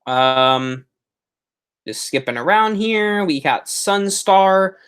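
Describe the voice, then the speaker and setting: A man's voice: high-pitched, lively intonation, takes it slowly, fairly bright tone, clean tone. A young man hosting a live stream, chatting enthusiastically and a bit ramblingly about expo footage, often correcting himself mid-sentence. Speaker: horror haunt channel host.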